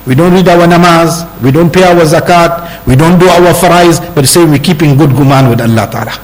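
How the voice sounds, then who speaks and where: Man preaching a sermon, fairly high voice. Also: poor audio. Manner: mixes English with Urdu and Arabic terms, recites verses quickly.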